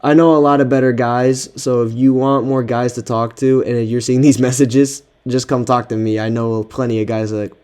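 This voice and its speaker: A man's voice: mid-range voice, little pitch movement, moderate pace, few pauses, darkish tone, clear, resonant tone. A man giving casual reaction commentary on text messages he is reading, exasperated and slangy, swearing often. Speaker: content creator.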